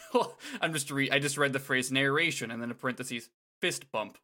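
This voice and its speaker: A man co-hosting a casual chat. He makes dry, wry quips between plain stretches of talk. His voice has a very bright, forward tone. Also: mid-range voice, moderate pace. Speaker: podcast co-host.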